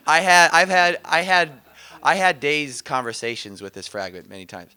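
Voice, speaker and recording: A man teaching about inner healing in a casual, conversational way, telling animated stories and laughing often. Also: mid-range voice, normal speed, clear, resonant tone. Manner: animated storytelling, quotes others, laughs often.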